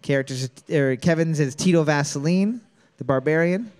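A man's voice: on the high side, moderate pace, a little mellow. A man hosting a comedic trivia podcast, reading each question twice and joking between them. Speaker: trivia host.

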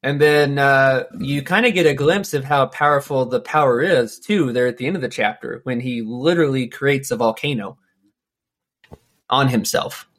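A man's voice: medium pitch, moderate pace, fairly bright tone. A man hosting a casual book-discussion podcast, patiently explaining terms and backstory. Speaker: podcast host. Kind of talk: casual book-club chat.

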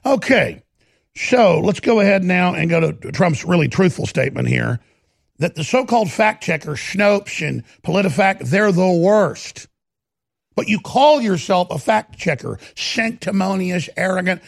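A man's voice: high-pitched, animated, measured pace, vocal fry, no echo, clean studio sound. A man with a Texan accent hosting opinionated political commentary, sarcastic and mocking. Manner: sarcastic, mocking, slips into put-on voices.

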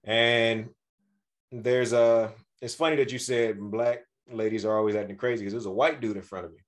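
Podcast co-host, male, mid-pitched, animated storyteller who acts out quotes. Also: moderate pace. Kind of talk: casual storytelling.

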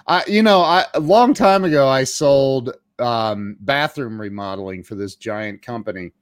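A man's voice: mid-range voice, measured pace, no echo, studio quality. A man hosting an interview podcast, chatting casually and acting out voices when he tells a story. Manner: animated storyteller, acts out voices in anecdotes. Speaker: podcast host.

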